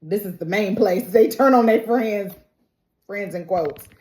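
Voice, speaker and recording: A woman hosting a TV reaction channel, recapping an episode in casual, animated, emphatic storytelling. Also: medium pitch, measured pace. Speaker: TV reaction host. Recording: roomy echo.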